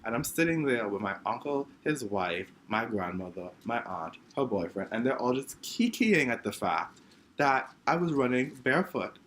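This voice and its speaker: A man's voice: mid-range voice, sing-song, moderate pace, a bit bright, slight background noise. A young man from the Bahamas, dramatically telling a funny story from his childhood in a self-mocking way. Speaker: vlogger. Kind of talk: story time monologue.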